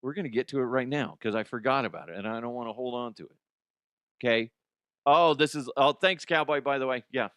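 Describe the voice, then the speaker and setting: Close to the mic, a man hosting a comedy podcast rants about odd news in an exaggerated way and laughs at his own jokes. His voice is medium-pitched, brisk, fairly bright and smooth, with no room sound.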